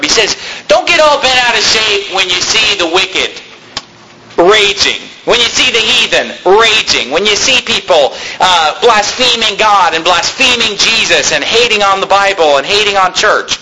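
A man's voice: sits high, lively intonation, moderate pace, pushed and bright, slight background noise, poor audio. A man preaching a sermon as pastor, reading scripture aloud and rising sharply on his exhortations.

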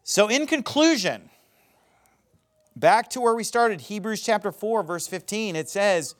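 A man preaching a sermon, speaking emphatically and rising into loud dramatic quotations of scripture. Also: high-pitched, expressive, measured pace.

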